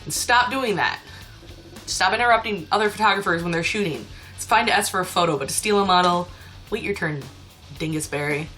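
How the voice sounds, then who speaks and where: A woman's voice: fairly low pitch, fairly quick, pushed and bright, faint music behind. A young woman telling a story in a casual vlog, chatty and ranting with laughs. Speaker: cosplayer and convention staff.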